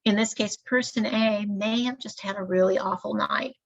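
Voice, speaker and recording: A woman leads a staff training lecture, explaining each point in a steady, measured way. Her voice is gravelly and husky. The recording is dull and lo-fi. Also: medium pitch.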